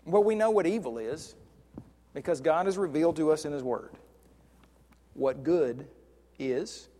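A man preaching a sermon in a conversational way, often restarting and drawing out key words slowly. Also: a little high, warm tone. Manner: conversational, with frequent restarts and slow stressed words. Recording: long hall reverb.

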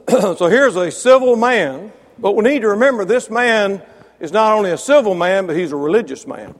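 A man preaching a sermon, building to loud emphatic peaks, then dropping low, with wry asides to listeners by name. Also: animated, normal speed. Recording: long reverb of a large hall.

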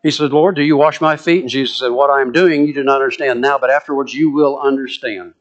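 A man with a Southern US accent preaching a sermon, acting out scripture quotes with lively, dramatic delivery. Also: medium pitch, fast talker, highs cut off. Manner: animated, dramatic quoting of scripture.

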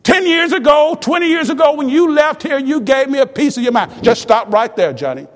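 Preacher guy doing a soft pleading dad, high voice, big echoey hall. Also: expressive, brisk. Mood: stern. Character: loving father pleading and forgiving, tender. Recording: long reverb of a large hall.

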